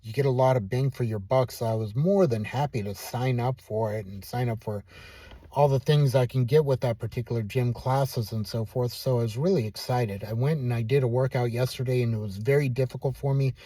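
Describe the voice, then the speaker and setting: A man calmly telling a self-deprecating personal story in a casual vlog. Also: mid-range voice, brisk, no echo. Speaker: vlogger.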